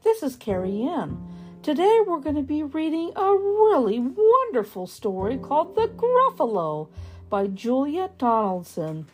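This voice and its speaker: A woman reading a children's picture book aloud, slowly and expressively. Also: high-pitched, faint music behind. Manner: slow, lively and expressive. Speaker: storybook reader.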